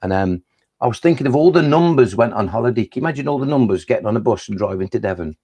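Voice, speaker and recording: Gravelly, chatty man performing children's poems. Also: medium pitch, expressive, very fast, mellow. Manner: playful and chatty, with frequent restarts. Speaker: children's poet. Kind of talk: live online poetry session for schoolchildren.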